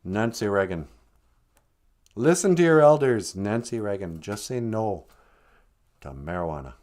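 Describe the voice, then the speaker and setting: A man doing a stern impression of a famous older woman reading a public warning, slow and solemn in a lowered voice. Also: animated, a little mellow.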